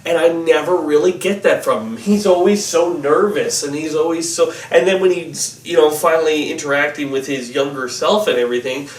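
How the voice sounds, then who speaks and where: A man's voice: a little high, moderate pace, hardly any pauses, roomy sound, recorded from a distance. A man giving a casual, rambling spoken film review, full of fillers and restarts.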